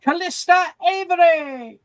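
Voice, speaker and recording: A game master voicing a school announcer proclaiming names slowly and grandly. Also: extremely high pitch, pitched above the performer's own voice. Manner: slow, drawn-out proclamation.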